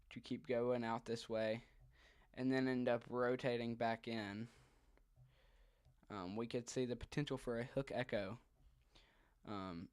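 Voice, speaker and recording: A man's voice: medium pitch, dry recording, studio quality. A man giving live commentary on a weather radar stream, thinking aloud hesitantly with frequent ums.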